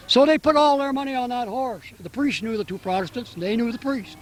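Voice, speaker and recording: Older man, high voice, folksy joke-teller with stammered restarts, outdoor parade chat. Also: a little fast, hardly any pauses. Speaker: oxen driver in a parade. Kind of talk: casual chat and joke telling.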